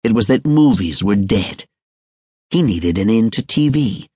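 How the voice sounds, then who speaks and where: A man's voice: lowish voice, lively intonation, unhurried, mellow, slightly rough, dry recording, studio quality. A man narrating a crime audiobook with a wry, sardonic delivery. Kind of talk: scripted noir narration.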